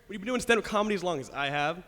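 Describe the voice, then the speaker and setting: A man's voice: high-pitched, animated, racing, fairly bright tone. Brash young man doing stand-up. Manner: brash, crude jokes with frequent laughter. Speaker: stand-up comedian. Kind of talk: stand-up comedy set. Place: studio stage with live audience. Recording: live audience with long hall reverb.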